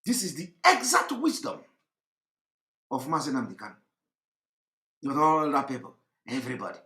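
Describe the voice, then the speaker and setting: A man giving impassioned political commentary, fervent and repetitive, often breaking into shouts. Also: fairly high pitch, big pitch swings, moderate pace, long pauses. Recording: echoey room.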